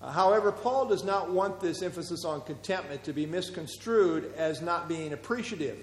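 A man's voice: on the high side, expressive, moderate pace. A man teaching a Bible class, explaining verses and putting questions to the group, with frequent fillers. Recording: roomy hall with long reverb.

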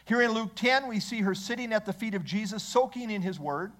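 A man's voice: sits high, fairly quick, fairly bright tone. A male pastor preaching a sermon in church, asking the congregation rhetorical questions.

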